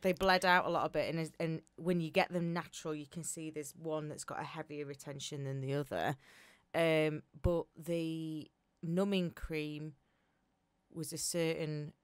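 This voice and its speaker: A woman from Sheffield with a Sheffield accent, co-hosting a comedy podcast and telling stories with animated mimicry of other people. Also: low-pitched, normal speed, clean tone, no echo. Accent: Sheffield English. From England. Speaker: podcast co-host. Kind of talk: casual comedic chat.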